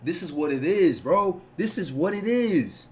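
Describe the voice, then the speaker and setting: A man's voice: high voice, lively intonation, measured pace, noisy background. A man giving casual reaction commentary, rambling, profane and preachy as he lectures his audience.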